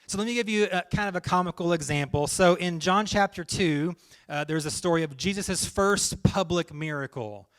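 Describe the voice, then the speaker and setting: A man's voice: sits high, sharp tone. A male pastor preaching a sermon in a conversational way, full of joking stories. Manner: conversational, jokey storytelling.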